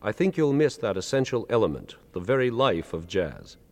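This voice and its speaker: Lively-voiced man lecturing in a reverberant hall. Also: lowish voice, normal speed, music in the background. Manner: articulate, counts beats aloud with strong accents. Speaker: lecturer presenting with a band. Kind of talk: explanatory lecture with spoken demonstrations.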